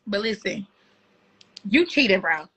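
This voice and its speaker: A young woman joining a casual livestream chat, teasing and laughing in a low-key way. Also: sing-song, a little slow, fairly bright tone, breathy edge. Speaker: friend on the livestream. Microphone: phone on a live video call.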